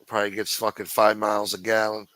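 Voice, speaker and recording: A man's voice: lowish voice, completely flat delivery, quick pace, bright, forceful tone, dry recording, poor audio. A man hosting a livestream, ranting with constant profanity in a sneering, contemptuous way. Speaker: livestream host.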